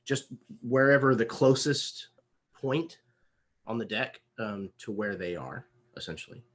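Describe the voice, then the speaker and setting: A man's voice: mid-range voice, animated, a little slow, a bit bright. A man playing a tabletop game, hesitantly talking through his options and describing his character's actions. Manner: hesitant, many ums, talks through options. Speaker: player.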